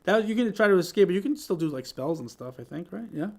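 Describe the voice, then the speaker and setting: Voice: mid-range voice, expressive, fast talker, gravelly. A game master running a tabletop game, talking in a hesitant, apologetic way with many fillers. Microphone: headphones.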